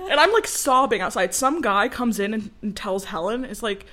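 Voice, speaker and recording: In a casual chat, a woman in her twenties who co-hosts a podcast tells a story at normal speed and medium pitch. Her telling is animated, with frequent laughter and acted-out impressions of the people she quotes.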